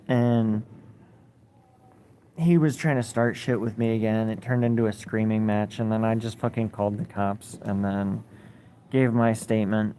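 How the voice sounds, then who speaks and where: A man's voice: lowish voice, steady tone, moderate pace, dark tone, slight background noise. A man livestreaming, telling a story in casual chat and reading viewer comments, blunt and swearing a lot. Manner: blunt, heavy swearing, rambling.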